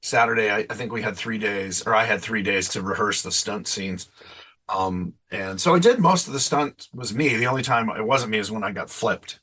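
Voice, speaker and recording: A man's voice: fairly low pitch, moderate pace, pushed and bright, slightly rough. A man in his fifties, an interview guest, chatting casually with a rambling, self-deprecating manner and frequent laughs.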